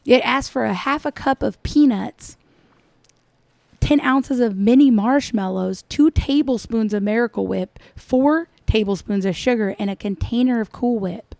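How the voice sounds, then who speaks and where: A woman's voice: fairly high pitch, a little slow, gravelly, darkish tone, no echo. Sarcastic woman mocking a cooking clip. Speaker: commentator reacting to another vlogger. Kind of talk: mocking reaction commentary.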